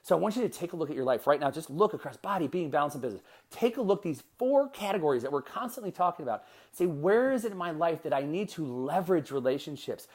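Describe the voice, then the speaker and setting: Guy hosting his own podcast, talks solo and pumped up, voice swoops up and down a lot. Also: a little high. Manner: energetic, conversational, with quick asides and restarts. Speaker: podcast host. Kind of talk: solo motivational podcast talk.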